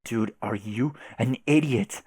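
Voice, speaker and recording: A hot-tempered young troll spitting insults and curses, as a man reads him aloud. He shouts in bursts and swears at nearly every turn. The sound is dry and close. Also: medium pitch, slow, husky, no echo. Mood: angry. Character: furious foul-mouthed young male troll. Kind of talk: reading a webcomic chat aloud.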